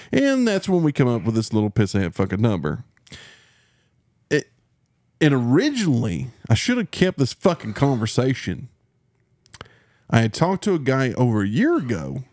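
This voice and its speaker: A man's voice: mid-range voice, sing-song, moderate pace, a little mellow, dry recording, clean studio sound. Heated, profane Texan man. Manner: profane, heated, mocking impressions. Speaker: podcast host. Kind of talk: casual storytelling rant.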